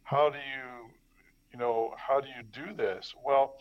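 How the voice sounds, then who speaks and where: A male co-host thinks aloud, hesitant and circling, leaning on "you know" as he restarts his point. His voice sits at a middling pitch. It comes through a dull, lo-fi microphone. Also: steady tone, measured pace. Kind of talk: conversational discussion. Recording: dull lo-fi mic.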